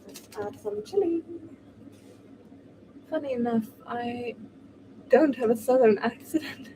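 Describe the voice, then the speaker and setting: A woman's voice: on the high side, slow. A young woman, chatting casually and exclaiming while she cooks. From Sweden. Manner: chatty, exclamatory, laughs easily. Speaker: streamer. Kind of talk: casual chat while cooking. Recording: distant mic with noisy background.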